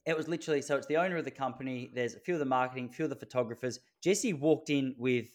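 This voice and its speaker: A man with an Australian accent hosting a podcast, telling animated stories in casual conversation and acting out the people in them. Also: medium pitch, racing. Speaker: podcast host.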